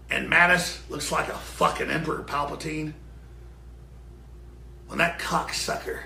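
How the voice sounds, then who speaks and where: A man, a show host, ranting furiously and profanely off air in a broadcast studio before going live, often shouting. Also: mid-range voice, sing-song, moderate pace, creaky, echoey room, slight background noise. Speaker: radio and web show host.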